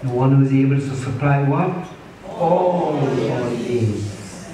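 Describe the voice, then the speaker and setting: A man preaches a sermon in an unhurried, measured way, repeating his phrases and drawing answers from the congregation. His voice is mellow and dark. It reaches the mic from a distance in a very echoey church, with faint room noise behind. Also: medium pitch. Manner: preaching with repetition and call-and-response. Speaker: pastor. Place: church sanctuary. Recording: echoey church hall from far off.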